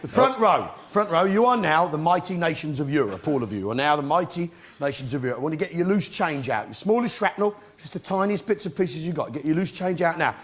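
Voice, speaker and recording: A man's voice: fairly high pitch, animated, a little fast, few pauses, fairly bright tone. A middle-aged English man doing stand-up comedy on a theatre stage, ranting and swearing at a live crowd. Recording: noisy live stage recording with laughter.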